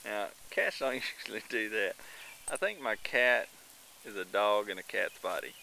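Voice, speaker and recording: A man talks casually while filming his pet in the yard, relaxed and amused, with plenty of fillers. His voice is low-pitched and gravelly with a very bright, sharp edge. It is picked up by a small handheld camcorder outdoors, with faint outdoor noise behind him. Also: moderate pace. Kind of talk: casual home video vlog. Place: outdoors in a yard, watering plants. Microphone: handheld camcorder mic.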